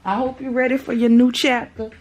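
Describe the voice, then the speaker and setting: A woman's voice: a little high, flat delivery, fairly quick, a little mellow. A woman in her thirties doing a casual tarot reading to camera, chatty and slangy, swearing freely and talking straight to her viewers. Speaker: tarot reader.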